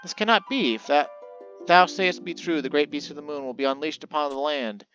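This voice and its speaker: A man's voice: on the high side, fairly quick, fairly bright tone, lo-fi sound, lightly acted. A man voicing a solemn ancient male spirit who speaks in archaic, formal words, with faint game music behind.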